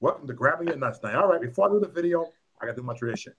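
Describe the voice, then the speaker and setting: A man tells rowdy, joking stories in a casual chat, his voice high and sharply bright. It leaps up and down as he goes, and he swears freely. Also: very fast, breathy edge, dull audio. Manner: loud, animated, joking storyteller who swears freely. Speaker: channel host.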